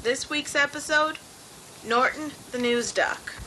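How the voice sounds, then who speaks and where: Woman, storyteller, children's story reading, gentle, high, bright. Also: slow pace, slight background noise, poor audio.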